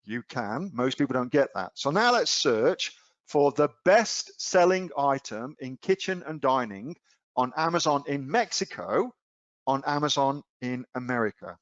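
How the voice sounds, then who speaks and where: A man's voice: fairly high pitch, sing-song, a little slow, no room sound, dull audio. Blunt casual Australian man teaching online. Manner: casual, blunt, peppered with rhetorical questions to viewers. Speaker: online selling coach. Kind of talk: live screen-share webinar.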